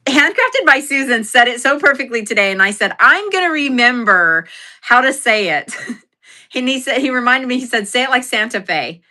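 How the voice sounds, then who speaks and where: A woman's voice: high-pitched, animated, moderate pace, sharp tone. A woman hosting a casual livestream sale, chatting in a rambling, giggly, self-deprecating way with lots of fillers. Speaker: livestream seller host.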